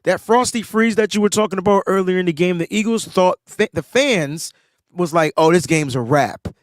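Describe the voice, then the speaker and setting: In a relaxed podcast conversation, a slightly under-the-weather man tells a sports story at moderate speed, his voice rising with excitement and animation. The clean studio recording has no echo.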